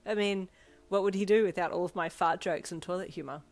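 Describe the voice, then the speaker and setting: A woman's voice: fairly low pitch, brisk, natural voice. A woman voicing a cheeky, teasing young woman in a story. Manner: teasing, playful.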